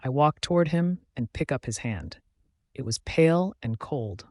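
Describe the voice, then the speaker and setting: A man's voice: a little high, expressive, moderate pace, darkish tone, no echo, studio quality. A man narrating a first-person werewolf romance story in a dramatic storytelling reading.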